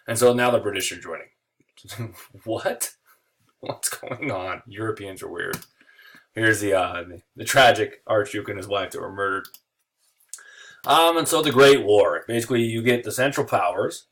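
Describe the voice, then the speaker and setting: A man gives a relaxed, chatty history lecture, mid-pitched and informal. He keeps it light with jokes and now and then slips into quick voices for the countries he talks about. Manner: jokey, chatty, acts out nations in quick voices. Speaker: history teacher. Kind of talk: casual classroom lecture.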